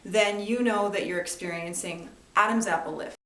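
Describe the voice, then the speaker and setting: A woman vocal coach giving a singing lesson, explaining clearly and with a playful, upbeat manner. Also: medium pitch, normal speed, fairly bright tone. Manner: clear, upbeat instructive delivery with playful demonstrations. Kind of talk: singing lesson with spoken instruction. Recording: roomy echo with faint music.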